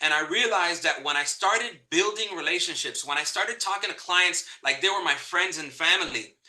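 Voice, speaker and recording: A man teaching a live real estate training, energetic and repeating key points for emphasis. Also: sits high, normal speed, roomy sound, low-quality recording. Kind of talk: live online training talk.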